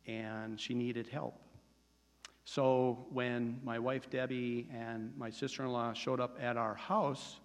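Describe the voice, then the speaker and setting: Earnest man in his sixties testifying. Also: medium pitch. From United States. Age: 60s. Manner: earnest and steady, with occasional hesitations. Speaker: church member giving testimony. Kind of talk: personal testimony. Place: church sanctuary. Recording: reverberant church sanctuary.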